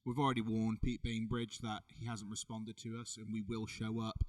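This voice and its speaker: A man's voice: on the low side, level tone, normal speed, a little mellow, distant mic. A man co-hosting a podcast in casual, teasing banter, laughing often. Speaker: podcast co-host, wrestler.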